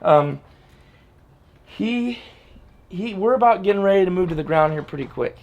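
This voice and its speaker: A man's voice: high voice, animated, moderate pace, vocal fry, darkish tone. A man training his dog and talking plainly and straight to his viewers in a casual outdoor vlog, often repeating himself. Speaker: dog trainer, channel host.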